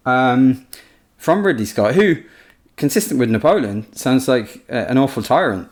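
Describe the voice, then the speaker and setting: A man with a mid-range voice chats casually as a podcast co-host. He is a historian who talks things through loosely and brings anecdotes to life with lively impressions. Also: mid-range voice, normal speed. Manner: chatty, storytelling, animated impressions.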